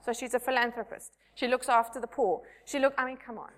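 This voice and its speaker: A woman's voice: on the high side, flat delivery, fast, fairly bright tone. Chatty woman telling stories in a hall. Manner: chatty, self-mocking storyteller. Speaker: Sunday school teacher giving a talk. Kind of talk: church talk with personal stories. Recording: long hall reverb.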